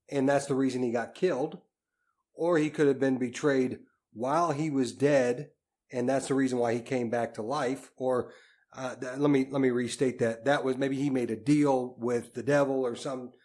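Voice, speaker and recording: A man's voice: medium pitch, a little mellow. A man co-hosting a podcast, thinking aloud through speculation, hedging and restating his points. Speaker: podcast co-host. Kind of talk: casual book discussion.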